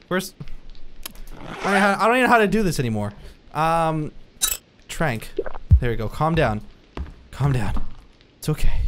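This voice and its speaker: High, jumpy young man gaming. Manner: jumpy, panicky yelps and rapid repeated protests. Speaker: let's play gamer. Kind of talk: horror game commentary. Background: game music.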